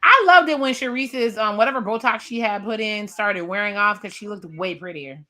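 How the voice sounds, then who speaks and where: A woman's voice: medium pitch, moderate pace, pushed and bright. A young woman giving casual, gossipy commentary while reacting to a reality show, laughing often. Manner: chatty, laughing, gossipy recaps and quotes. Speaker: reaction video host.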